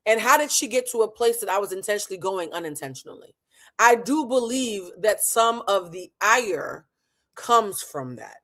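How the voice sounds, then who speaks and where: A livestream host speaking with passion and emphasis, leaning hard on key words. Their voice sits at a middle pitch. They often call their audience honey and baby. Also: animated, moderate pace, a bit bright. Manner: emphatic, impassioned, calls listeners honey and baby. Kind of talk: live commentary talk show.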